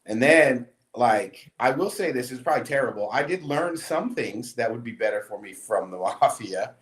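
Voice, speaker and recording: A man's voice: medium pitch, lively intonation, normal speed. A man casually recounting a story, acting out quoted dialogue as he goes. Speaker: guest.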